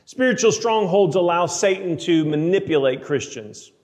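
A man preaching a sermon, emphatic, slowing down to read scripture aloud. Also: high-pitched, lively intonation, a little mellow, big-room sound. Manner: emphatic, slows for scripture readings.

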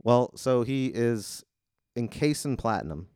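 A man hosting a casual comedic chat, calmly walking a friend through a made-up scenario. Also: medium pitch, a little slow, smooth, dry recording, studio quality. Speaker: host.

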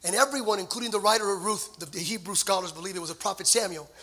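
High, bright-voiced man preaching fervently. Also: racing. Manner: builds to shouted, fervent preaching with audience call-and-response; playful, sings snatches of songs and jokes with the crowd. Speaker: pastor. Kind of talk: sermon.

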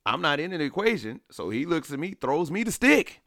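A man co-hosting a podcast, telling a story in a casual, animated way with acted-out quotes and laughter. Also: on the high side, fairly quick, no room sound, studio quality. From Alabama. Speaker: podcast co-host.

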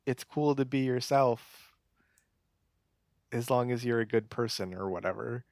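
A man's voice: medium pitch, unhurried, a little mellow, no echo, studio quality. A man chatting casually about a film, hesitant and often restarting his sentences. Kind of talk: casual chat.

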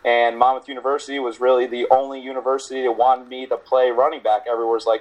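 Steady male guest recounting his background. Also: mid-range voice, fast, few pauses, dull audio. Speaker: strength coach, guest. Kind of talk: casual interview chat.

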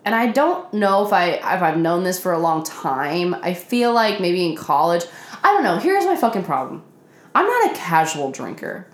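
Casual vlogger, woman, 20s, low-ish voice, weary and profane, self-mocking, recorded in a roomy apartment. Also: big pitch swings, normal speed. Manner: profane, self-deprecating, laughs often. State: tired. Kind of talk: casual confessional rant.

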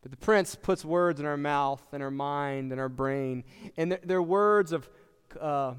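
A man's voice: fairly high pitch, a little slow, clean tone, big-room sound. A man preaching a sermon as pastor, talking conversationally and asking his listeners questions. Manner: conversational, asks the congregation questions.

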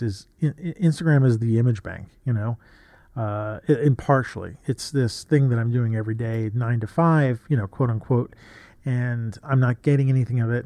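A man's voice: mid-range voice, warm tone, no room sound, clean studio sound. A man in his fifties, a photographer, talking casually and reflectively, rambling with frequent restarts and asides as he reads from an old journal. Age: 50s.

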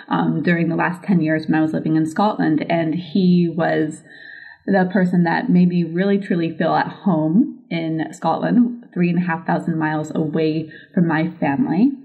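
A woman's voice: low-pitched, creaky, phone-quality sound. A woman hosting a podcast, bubbly and effusive, laughing often as she chats with her guest. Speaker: podcast host. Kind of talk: casual podcast interview.

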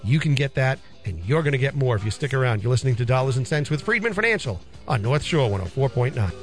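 A middle-aged man hosting a radio finance show, chatty and animated, repeating phrases for emphasis. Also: mid-range voice, fast, faint music behind. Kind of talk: casual radio talk. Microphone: studio microphone.

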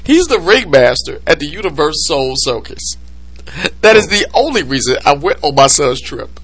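A man hosting a casual podcast chat, excitable and prone to loud laughing outbursts. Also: a little high, moderate pace. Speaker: podcast host.

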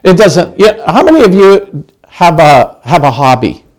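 A man's voice: a little high, very animated, a little slow, rough recording. A middle-aged male pastor preaching a conversational sermon, chatty, with many restarts and questions to the congregation.

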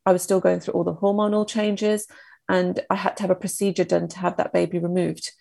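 A woman in her thirties, a guest on a podcast, recounts a painful personal story in a halting, emotional, reflective way. Her voice is fairly low, level in tone, creaky, and warm, with no echo.

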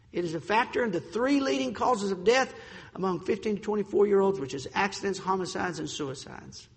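A man preaching a sermon with emphatic delivery, slowing down to stress key points and sometimes stumbling over words. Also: sits high, vocal fry, big-room sound.

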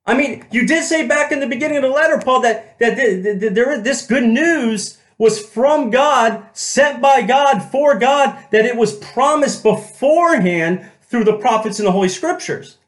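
A male pastor delivers an emphatic sermon in a high, lifted voice. He repeats his key phrases and slows down to stress quoted words, calling out to the congregation as he goes. The sound carries the echo of a church room. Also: expressive.

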